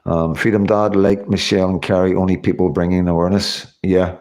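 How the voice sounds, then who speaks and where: A man's voice: low-pitched, level tone, a little fast, a little mellow. A tired man, hosting a casual livestream sign-off and thanking viewers by name. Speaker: livestream host.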